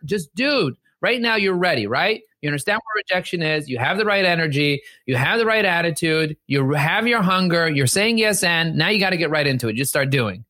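Punchy, bright-voiced male sales coach. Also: fairly high pitch, lively intonation, fairly quick, few pauses, no echo. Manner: emphatic, repetitive, preachy. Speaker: podcast host and sales coach. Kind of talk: motivational coaching talk. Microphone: podcast microphone.

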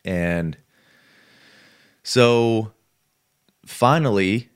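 A man's voice: lowish voice, extremely slow, clear, resonant tone. A man, a podcast guest, telling a story in casual talk and acting out the people he quotes. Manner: lively, acts out the people he quotes.

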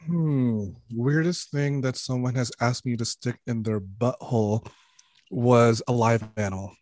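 A man's voice: mid-range voice, fairly even intonation, a little slow, a little mellow, dry recording. A man chatting as a podcast guest in a mid-range voice, frank and joking, laughter never far off. The sound is dry and close, with no room around it. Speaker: podcast guest, sex educator. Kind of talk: casual podcast chat.

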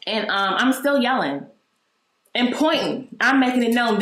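A woman hosting her own podcast, telling a personal story in a candid, animated and profane way. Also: on the high side, unhurried, roomy sound. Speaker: podcast host.

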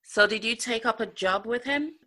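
Bright-voiced woman interviewer. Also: a little high, moderate pace. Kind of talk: conversational interview.

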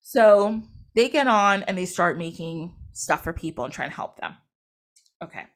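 Animated woman retelling myths. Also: lowish voice, moderate pace. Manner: chatty, animated, lots of fillers and laughs. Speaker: podcast host. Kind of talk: casual myth storytelling.

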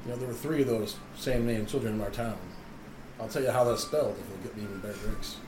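A man's voice: lowish voice, fast talker, roomy sound, background noise. A man playing a tabletop game, joking and telling stories in character. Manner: playful, storytelling banter. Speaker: player. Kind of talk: casual chat at a tabletop game.

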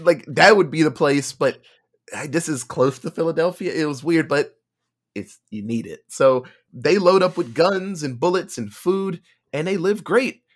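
Animated man retelling a movie plot. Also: on the high side. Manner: animated retelling with acted-out quotes and laughter. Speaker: podcast co-host. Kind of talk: casual movie review chat.

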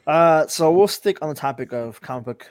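A man's voice: on the high side, expressive, normal speed, dry recording. A man hosting a casual podcast chat, blunt and steering the talk to the next topic. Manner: blunt, leads the segments. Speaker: podcast host.

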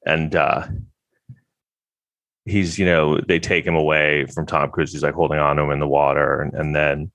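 A man's voice: extremely low pitch, little pitch movement, normal speed, a bit bright, no room sound. A man vlogging casual movie commentary in a rambling, wry way with lots of fillers.

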